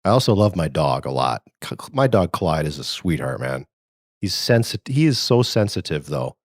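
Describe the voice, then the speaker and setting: A man's voice: deep voice, sing-song, moderate pace, no echo, clean studio sound. A man hosting a casual podcast, telling rambling stories and laughing as he goes, talking over a remote call. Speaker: podcast host. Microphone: remote call setup.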